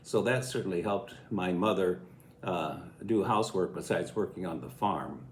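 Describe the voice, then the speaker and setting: A man's voice: sits low, moderate pace, slight background noise. A man in his eighties from Illinois, telling a childhood story in a folksy, chuckling way. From Illinois, USA. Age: 80s. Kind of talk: casual spoken memoir. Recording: echoey room.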